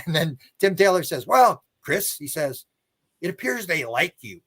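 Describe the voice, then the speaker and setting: Man, higher-pitched, interview guest, rambling storyteller, stumbling restarts, chuckling, animated quoted dialogue. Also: moderate pace. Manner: rambling, many restarts and repeated words; chuckles while talking. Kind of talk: casual storytelling on a live stream.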